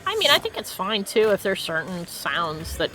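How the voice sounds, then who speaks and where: A woman streaming a video game, chatting casually, reacting loudly and laughing often. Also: medium pitch, very animated, normal speed, slight background noise. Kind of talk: casual let's-play chat.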